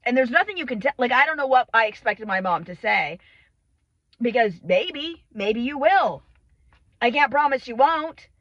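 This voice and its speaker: A woman's voice: fairly high pitch, lively intonation, normal speed, a bit bright, no echo, dull audio. A young woman vlogging from her phone at arm's length, rambling through sweary, self-mocking comic tangents. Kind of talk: rambling comedic vlog monologue. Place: in and around a car. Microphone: phone held at arm's length.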